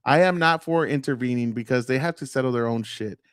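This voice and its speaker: Male host, casual commentary, blunt and cussing, mid-pitched, dry mic. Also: fairly quick, smooth, dry recording. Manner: blunt, profane, rambling with many fillers.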